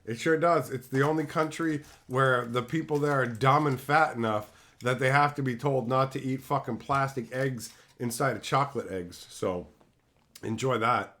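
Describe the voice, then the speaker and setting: A man's voice: medium pitch, moderate pace, fairly bright tone. Profane, joking male livestreamer. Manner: crude, profane joking banter; riffs on viewer chat messages. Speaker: streamer. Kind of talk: casual livestream chat.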